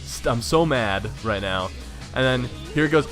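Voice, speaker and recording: Excitable swearing gameplay commentator, a man. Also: lowish voice, fairly quick, over music. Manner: excitable, swears, stammers and restarts. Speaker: let's play commentator.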